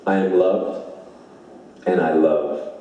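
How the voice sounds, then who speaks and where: This motivational speaker talks slowly in a low voice with fairly even intonation, delivering an emphatic, inspiring speech and repeating lines for effect. The recording is muffled with slight background noise, made far from the mic in a very echoey hall.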